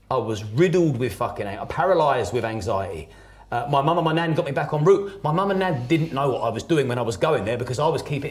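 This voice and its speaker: Man, podcast guest, blunt and sweary, emphatic storytelling, slightly higher voice. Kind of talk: personal storytelling in conversation.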